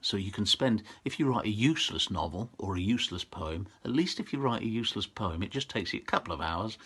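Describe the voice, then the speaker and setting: A middle-aged man with a husky, rather low voice talks to school pupils about poetry. He speaks casually and keeps breaking off and restarting his sentences. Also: animated. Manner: chatty, restarts often, reads verse slowly and forcefully. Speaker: poet and author visiting schools. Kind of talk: informal talk to pupils with dramatic poetry reading.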